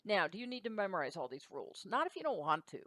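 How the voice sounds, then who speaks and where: A middle-aged woman teaching a lecture, explaining rules patiently in a relaxed way and checking in with her students. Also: mid-range voice, fast, no room sound. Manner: explanatory, relaxed, uses fillers and checks in with the listener. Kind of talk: classroom lecture.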